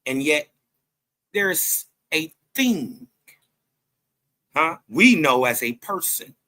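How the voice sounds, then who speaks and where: A man hosting a show comments on a debate clip, his voice fairly high, bright and forceful. He sounds emphatic, even preachy, repeatedly tossing in "right?"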